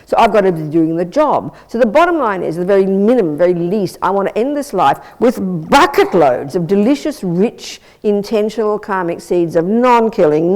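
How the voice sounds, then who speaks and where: Blunt, lively woman giving a dharma talk. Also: medium pitch. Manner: blunt, lively, conversational and self-mocking. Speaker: Buddhist nun teacher. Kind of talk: dharma talk with audience questions. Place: Buddhist centre teaching room.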